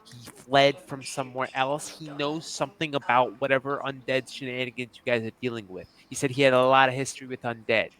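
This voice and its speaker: A man's voice: medium pitch, steady tone, fairly quick, hardly any pauses, a bit bright, soft background music, natural voice. A man voicing a pushy male fixer in a tabletop fantasy game, who speaks insistently and keeps repeating "listen.".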